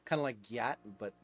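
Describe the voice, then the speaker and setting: A man in his twenties with a New Jersey accent, chatting casually on a live game stream, rambling and chuckling, with lots of fillers and restarts. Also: mid-range voice. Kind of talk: casual live-stream chat while gaming.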